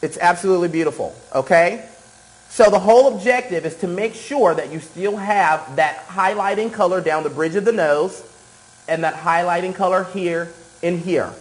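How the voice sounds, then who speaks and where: A man's voice: high-pitched, moderate pace, poor audio. Enthusiastic man teaching makeup. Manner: enthusiastic, repeats cues and says okay often. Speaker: makeup artist demonstrating airbrush. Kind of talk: live tutorial demonstration.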